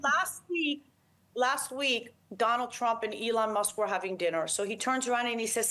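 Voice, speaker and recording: A woman's voice: fairly high pitch, moderate pace, pushed and bright. Blunt, combative woman guest. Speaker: interview guest. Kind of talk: emphatic interview talk.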